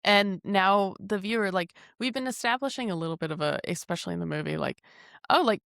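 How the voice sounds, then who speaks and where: A woman's voice: medium pitch, very animated, a little fast, fairly bright tone, no room sound, studio quality. A woman co-hosting a casual podcast, musing over a character's motives with rhetorical questions. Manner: thoughtful, asks rhetorical questions. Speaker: podcast co-host. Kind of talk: casual film discussion.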